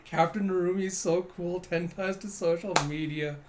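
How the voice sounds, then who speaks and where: A man voicing a cocky, boastful young male captain who barks brisk orders, with faint noise behind. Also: sits high, fairly even intonation, voice pushed up, close to an everyday voice. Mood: smug.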